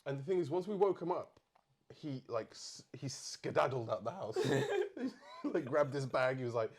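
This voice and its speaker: Co-host, male, husky voice, lively pitch, animated storyteller who laughs often. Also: normal speed. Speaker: podcast co-host. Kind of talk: casual chat.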